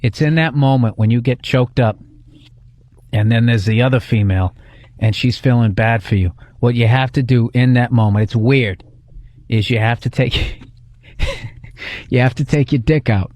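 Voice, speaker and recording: A man's voice: mid-range voice, moderate pace, long pauses, darkish tone, no echo. A man co-hosting a casual comedic podcast, rambling and profane, often stumbling through restarts. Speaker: podcast co-host.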